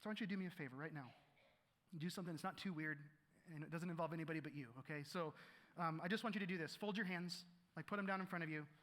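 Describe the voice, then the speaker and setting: Man, pastor's sermon, high bright voice, animated, repeats words, church hall reverb. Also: rapid-fire.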